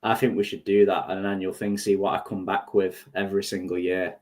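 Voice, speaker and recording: A man with a Mancunian accent softened by West Yorkshire chats casually as a guest. His voice sits fairly low, and he is quick to joke at his own expense. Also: little pitch movement. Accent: Mancunian with West Yorkshire mix. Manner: jokey, self-deprecating. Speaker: guest, events company head. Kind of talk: casual chat.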